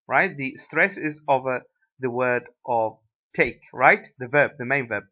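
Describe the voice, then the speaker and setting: Slow, hesitant lecturer with an Iraqi accent. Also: male voice, mid-range voice, sharp tone. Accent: Iraqi Arabic. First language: Arabic. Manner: hesitant, many fillers, tag questions like "right?". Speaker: university English lecturer. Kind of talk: recorded lecture. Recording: dull lo-fi lecture recording.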